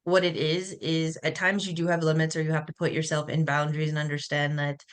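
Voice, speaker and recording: Low-voiced young mom chatting candidly. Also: female voice, little pitch movement, fairly quick, smooth. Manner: candid, chatty, self-deprecating. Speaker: panel guest, new mother and athlete. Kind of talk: casual webinar discussion.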